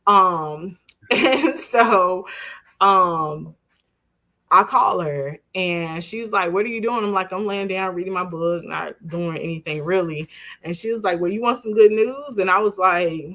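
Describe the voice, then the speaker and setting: Speaking at a measured pace with a fairly low pitch, this woman in her forties is a guest in an interview. She relates a personal story with plenty of animation, imitating other people's voices and laughing while she talks.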